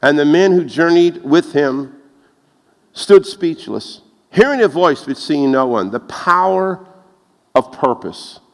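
A man preaching a lively sermon, telling stories and laughing at his own jokes. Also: unhurried. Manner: animated, laughs at his own jokes, rises in pitch when excited. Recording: long reverb of a large hall.

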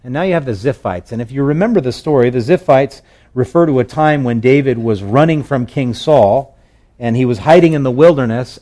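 A man's voice: medium pitch, mellow. Man preaching in a chatty sermon. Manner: conversational storytelling with fillers and restarts. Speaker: pastor.

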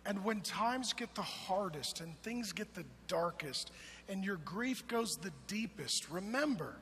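Forties male preacher, bright ringing voice, emphatic calls dropping to hushed storytelling, faint room hum. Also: sits high, lively intonation, measured pace, long reverb tail. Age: 40s. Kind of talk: sermon.

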